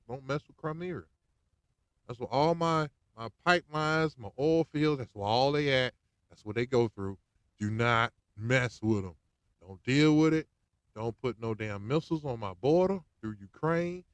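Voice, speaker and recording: Animated slangy man ranting on a podcast. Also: fairly high pitch, clean tone, no room sound. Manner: animated, slangy, swings between loud and hushed. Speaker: podcast host. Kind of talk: casual political rant.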